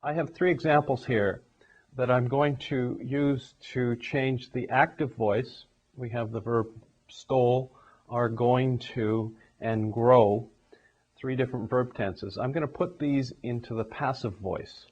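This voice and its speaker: A man's voice: medium pitch, steady tone, unhurried, a little mellow, breathy edge. A man teaching a grammar lesson, walking through numbered examples one step at a time. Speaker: English teacher. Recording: dull lo-fi recording.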